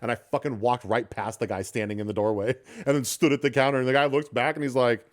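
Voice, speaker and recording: A man's voice: medium pitch, fast talker, hardly any pauses. A young man hosting a podcast, telling a story in casual, profane talk full of bro and dude. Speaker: podcast host.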